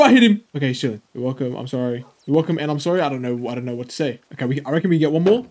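A young man giving casual, slangy let's-play commentary, getting excitable and yelling at the game. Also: mid-range voice, racing, few pauses, a little hiss or hum. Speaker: gaming YouTuber.

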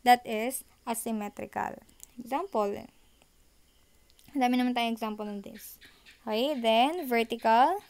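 A woman's voice: a little high, moderate pace, long pauses, darkish tone, smooth. A woman teacher with a Filipino accent explains art concepts from slides, switching between English and Tagalog and often checking in with her students. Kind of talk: recorded online lecture over slides.

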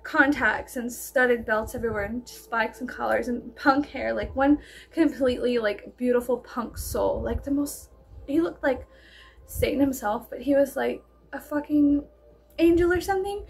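A storyteller vlogger in her thirties from South Texas rambles through a casual story in a high, husky voice. She leans heavily on fillers and swears freely, with faint background noise in the recording.

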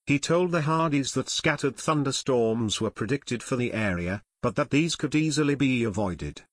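A man narrating a children's mystery audiobook in measured storytelling. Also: mid-range voice, expressive, no echo, clean studio sound. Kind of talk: scripted narration.

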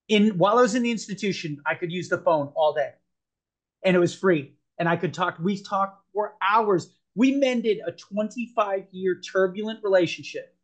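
A man as a podcast guest, earnestly telling a personal story, rambling with frequent restarts. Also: high-pitched.

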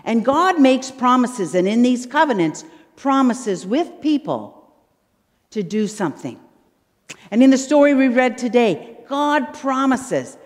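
A woman minister telling a children's story in a sermon, with dramatic pauses. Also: a little high, very animated. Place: church sanctuary. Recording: long church reverb.

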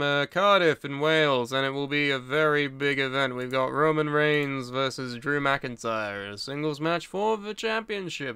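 Male podcast co-host, crisp voice, dry close sound, blunt, swears a lot. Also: on the high side, sharp tone, no echo. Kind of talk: casual podcast banter.

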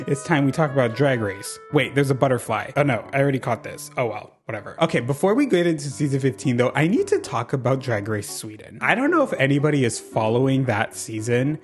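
Give me a sassy, gossipy man chatting over gameplay, animated and foul-mouthed, with faint music under him. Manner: sassy, gossipy, swears freely; animated, swings between loud bursts and low mutters. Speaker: channel host. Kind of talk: casual gameplay commentary.

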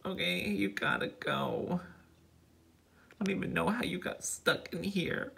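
A young man talking casually and dramatically to a trapped wasp, swinging between hushed whispers and loud exasperated outbursts. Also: high-pitched, unhurried, vocal fry, a little hiss or hum. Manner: dramatic, exasperated, slangy, drops to whispers and bursts into loud outcries. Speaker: vlogger.

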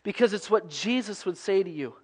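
Male pastor, fairly high voice, conversational sermon, big reverberant hall. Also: lively intonation, fairly quick. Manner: conversational preaching, drops to hushed tones.

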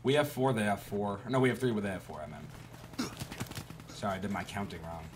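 A man giving profane, trash-talking commentary over a shooter game, with sudden loud outbursts. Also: fairly low pitch, fairly even intonation, fairly quick, noisy background. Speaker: gaming YouTuber. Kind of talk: gameplay commentary.

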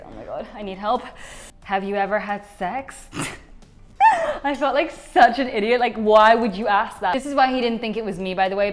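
A young woman vlogging in a chatty, rambling way, often mocking herself. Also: medium pitch. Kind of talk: casual vlog chat.

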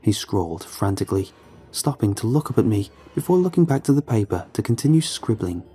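A man narrates a horror story in a measured, somber way. His voice is low, dark and husky, with faint music running underneath. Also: very animated.

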